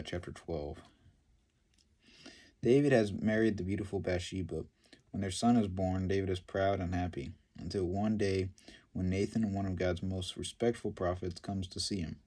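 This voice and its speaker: A man retelling a Bible story and commenting on it, in a halting, filler-heavy way. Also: low voice, darkish tone. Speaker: Bible teacher.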